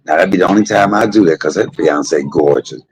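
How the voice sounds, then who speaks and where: A man's voice: low-pitched, a little fast, slight background noise, rough recording. A middle-aged man, telling candid, salty stories to a live stream audience. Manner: candid, salty, gossipy with animated quoted voices. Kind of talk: casual storytelling to a live audience.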